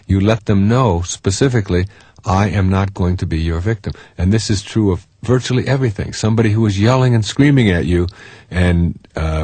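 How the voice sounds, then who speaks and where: A man's voice: fairly low pitch, a little mellow, dry recording. A man giving a recorded self-help talk in an earnest, emphatic way, often repeating phrases for stress.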